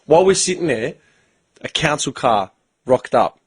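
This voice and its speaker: Husky Australian man telling stories. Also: on the high side, normal speed, no room sound. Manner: profane, animated storyteller who acts out both sides of conversations. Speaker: podcast host. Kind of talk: casual storytelling chat.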